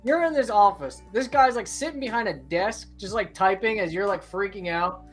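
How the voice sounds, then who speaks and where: A man's voice: high-pitched, animated, moderate pace, over music. A man hosting a casual interview, asking follow-ups and recapping his guest's story. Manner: asks follow-up questions, recaps the story back. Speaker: host.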